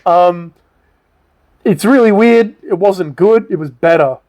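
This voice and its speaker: Animated, swearing man retelling a story. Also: sits high, takes it slowly, lo-fi sound. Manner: animated retelling with acted quotes, swears freely. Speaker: podcast co-host. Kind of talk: casual chat recapping a book and show.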